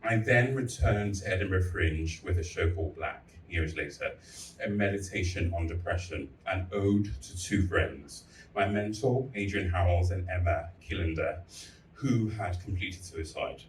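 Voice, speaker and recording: A festival speaker with a lowish voice gives a candid public speech, telling stories with blunt, crude humor at a slightly slow pace. He's heard from a distance in an echoey hall, with faint ambience and a little hiss or hum.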